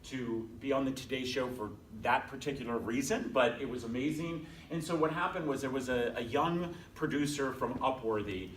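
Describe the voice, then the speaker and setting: A man's voice: medium pitch, normal speed, hardly any pauses. A man giving a guest talk to a class, chatty and self-deprecating, acting out the voices of people in his story. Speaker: guest speaker. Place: conference room at a bank, from a distance. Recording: echoey room, distant mic.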